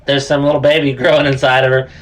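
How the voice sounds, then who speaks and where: A man's voice: medium pitch, flat delivery, quick pace. A man co-hosting a podcast in casual chat, joking crudely and swearing, with lots of fillers. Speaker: podcast co-host.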